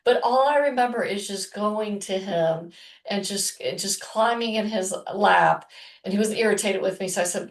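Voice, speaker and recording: Female co-host, mid-pitched voice, roomy echo, mic set back, rambling storyteller. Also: moderate pace, far from the mic. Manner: rambling, many restarts and soft murmurs. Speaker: podcast co-host. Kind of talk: casual chat, personal storytelling.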